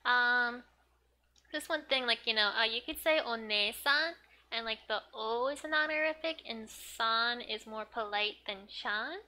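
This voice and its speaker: A young woman teaching Japanese from a manga in a chatty, giggly way, full of "like", sometimes muttering softly as she looks up words. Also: on the high side, measured pace. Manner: chatty, giggly, filler-heavy with frequent "like". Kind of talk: casual manga study lesson.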